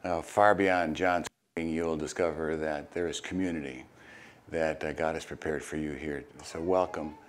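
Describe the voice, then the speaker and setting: An older man, a retired pastor, preaching a sermon and reading scripture, with hesitant asides full of fillers and sudden animated bursts. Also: moderate pace. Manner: animated, jumps high and loud when acting out crowd voices.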